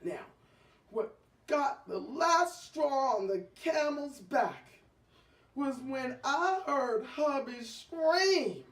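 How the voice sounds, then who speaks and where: A woman telling a comic story in the first person, stammering and breaking into loud, indignant outbursts. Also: high-pitched, lively intonation, drawn-out words. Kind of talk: comic monologue. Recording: echoey room from far off.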